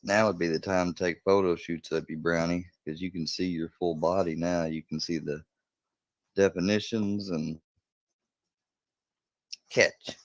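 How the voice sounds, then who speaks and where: A man's voice: deep voice, fairly even intonation, unhurried, pauses often, no echo. A man livestreaming from home, playfully chatting with his dog in a bouncy, sing-song way. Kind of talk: casual livestream chat.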